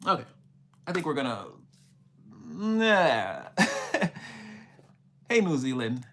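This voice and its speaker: A young Canadian man works as a spiritual reader, rambling casually on a livestream reading and chat, repeating himself and exclaiming often. His mid-range voice is expressive, quick and a bit bright.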